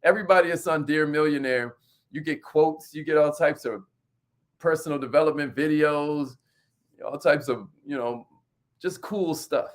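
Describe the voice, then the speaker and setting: A man hosting a live stream on sales and entrepreneurship, energetic, repeating phrases and calling on viewers by name. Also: on the high side, normal speed.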